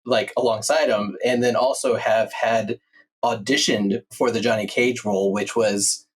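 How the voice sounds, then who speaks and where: Male podcast host, husky voice, eager fan. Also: lowish voice, steady tone, unhurried. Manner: enthusiastic fan, laughs along. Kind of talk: casual interview chat.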